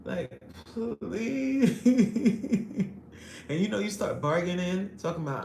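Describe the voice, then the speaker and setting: Reading her chat on a casual live stream, a woman greets viewers by name, laughs often and chats animatedly. Her mid-range voice is warm and animated with vocal fry, and she takes it slowly; the recording is reverberant with slight background noise.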